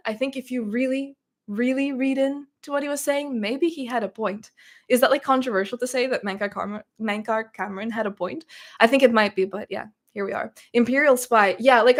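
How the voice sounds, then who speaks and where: A woman from Russia hosting a casual livestream Q&A, chatting a little nervously as she reads viewer comments aloud and answers them. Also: on the high side. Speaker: streamer hosting a Q&A.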